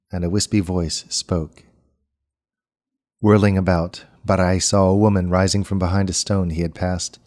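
A man reading a story aloud as narrator, in a measured, unhurried storytelling manner. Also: sits low, darkish tone. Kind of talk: scripted audiobook narration.

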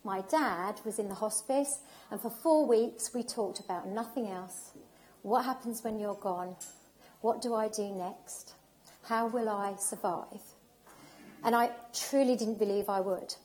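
A woman's voice: mid-range voice, unhurried, darkish tone. A woman giving an emotional, heartfelt personal talk at an event, speaking with emphasis and repetition.

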